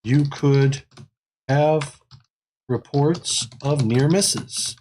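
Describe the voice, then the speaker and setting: A man's voice: fairly high pitch, slow, darkish tone, slight background noise. A man hosting a live technical webinar in a casual way. He rambles, repeats phrases and laughs often. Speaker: livestream host.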